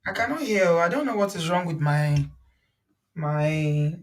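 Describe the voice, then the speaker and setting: A woman's voice: sits low, lively intonation, measured pace, far from the mic. Nigerian female host, loose and chatty, recorded slightly off-mic. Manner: chatty, laughs often, mixes in Yoruba words. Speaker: host reacting to a video. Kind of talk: casual reaction chat.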